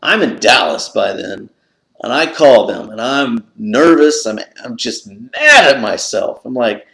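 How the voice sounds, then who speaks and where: A man vlogging about a lucky find, telling the story with lots of excitement and leaping up in pitch when he relives his panic. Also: unhurried, vocal fry. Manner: excitable, jumps up high when retelling his own panic. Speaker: pipe collector vlogger. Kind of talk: animated storytelling to camera. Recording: echoey room.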